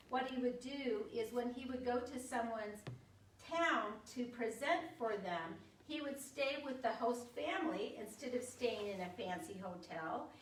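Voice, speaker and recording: Heard from a distance in an echoey room, an older woman with a high, fairly bright voice gives parents a chatty, informal talk about reading stories aloud. She acts out brief examples in different voices as a workshop presenter.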